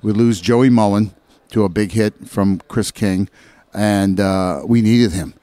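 On the low side and unhurried, with no echo, this middle-aged man is a retired hockey player telling locker-room stories. In casual conversation he gets animated, acting out each voice he quotes.

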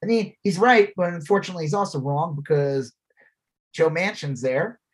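A man's voice: a little high, normal speed, husky, poor audio. Man, podcast co-host, casual chat, blunt, cursing, rambling. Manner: animated, blunt, swearing, rambling.

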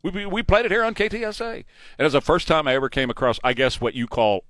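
A man's voice: a little high, very animated, quick pace, a bit bright, no room sound. A man hosting a morning talk radio show, blunt and opinionated, speaking into a studio microphone. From Texas.

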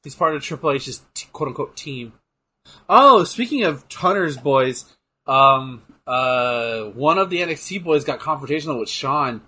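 A man co-hosting a casual chat while watching wrestling, excitable, swearing and trailing off into fillers. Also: mid-range voice, a little slow, husky. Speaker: podcast co-host.

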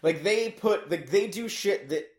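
A man co-hosting a podcast, casually recapping a movie in an animated, rambling way full of fillers. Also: high voice, unhurried, reverberant. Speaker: podcast co-host.

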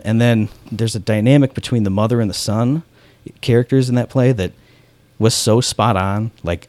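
A man's voice: mid-range voice, darkish tone, no room sound. Man, podcast host, casual and enthusiastic, mid-range voice, dry close mic, acts out bits of dialogue. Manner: enthusiastic, heavy use of "like"; acts out remembered dialogue in his stories. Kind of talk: casual chat.

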